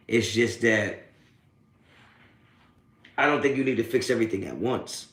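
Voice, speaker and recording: A man's voice: medium pitch, a little slow, pauses often, fairly bright tone, echoey room. A man hosting a live post-game sports reaction stream, reading chat and trash-talking trolls with streetwise slang and constant swearing. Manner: profane, streetwise trash talk; taunting, laughing off trolls. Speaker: sports talk livestream host.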